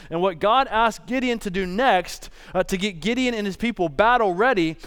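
A man preaching a sermon, retelling a scripture story in a casual, joking way with quick asides. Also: high voice, smooth.

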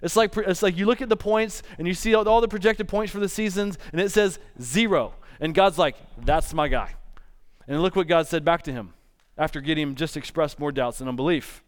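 A man preaching a sermon, retelling a scripture story in a casual, joking way with quick asides. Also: high-pitched, smooth.

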